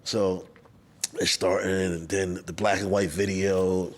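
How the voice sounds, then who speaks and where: A man with a very low voice hosts a casual interview. He chimes in to finish his guest's sentences and tells stories of his own. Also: level tone, takes it slowly. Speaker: podcast host.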